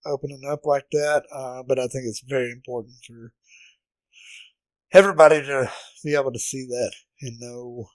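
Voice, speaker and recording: A man's voice: mid-range voice, fairly even intonation, normal speed, no room sound, poor audio. Affirming male podcast host. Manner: affirming, brief acknowledgments. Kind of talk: casual chat.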